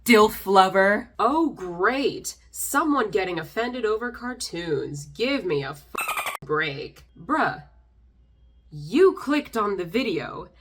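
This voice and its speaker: A woman's voice: medium pitch, lively intonation, slow, slight background noise. A young woman vlogger reacting to comments in a sarcastic, exasperated way, a little tipsy. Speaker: YouTuber reading comments. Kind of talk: casual commentary.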